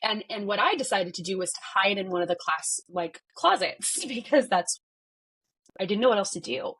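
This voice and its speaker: A woman's voice: medium pitch, lively intonation, normal speed, a bit bright, husky. A woman in her thirties, a podcast guest, retelling a personal story with many "like" fillers and acted-out dialogue.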